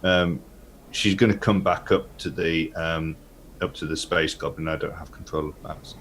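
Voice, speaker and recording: A man's voice: extremely low pitch, steady tone, moderate pace, a bit bright, a little hiss or hum. A man playing in a tabletop game, talking in a casual, hesitant way. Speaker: player.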